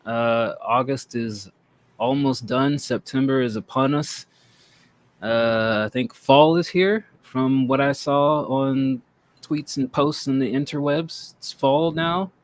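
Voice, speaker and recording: A man's voice: mid-range voice, slow pace. A man hosting a casual chat show, rambling and joking as he talks. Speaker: podcast host. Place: North Texas.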